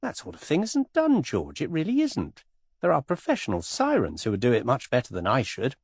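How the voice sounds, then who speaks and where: A breezy young society woman, witty and lightly mocking, spoken softly with lively rises and dips, as a male audiobook narrator voices her. The voice is husky and close, in a dry space. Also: medium pitch, brisk, no echo, heavily acted. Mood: teasing. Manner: airy, teasing, softly amused.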